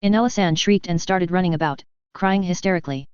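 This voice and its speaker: A woman narrating a science fiction story in a steady, even reading. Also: fairly low pitch, fast talker, clean tone, no echo. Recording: slightly dull close recording.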